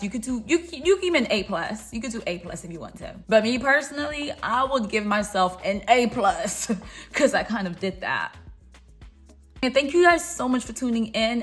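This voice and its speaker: This young woman's mid-range voice has a fairly bright tone as she chats casually through a makeup tutorial. A beauty vlogger, she's playful with her viewers and encourages them along the way.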